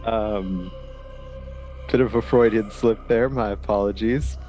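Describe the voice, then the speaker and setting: A man playing a tabletop game, speaking haltingly and thoughtfully, describing his character. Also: on the low side, a little mellow, soft background music. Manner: halting, thoughtful, full of fillers. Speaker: player. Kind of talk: tabletop role-play.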